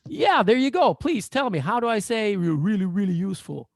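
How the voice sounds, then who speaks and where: Jokey guy coach on a video call, gravelly voice, dry close sound. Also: high-pitched, fairly quick, no echo. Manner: playful, animated, jokey. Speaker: coach and therapist. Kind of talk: online workshop lecture.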